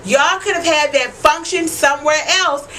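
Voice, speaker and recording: A young woman vlogger recaps a TV episode in a loose, chatty way, swearing freely and checking in with her viewers. Her voice sits a little high and has a bright, forceful edge, with faint room noise behind it. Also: moderate pace. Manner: chatty and profane, keeps asking "you know what I'm saying".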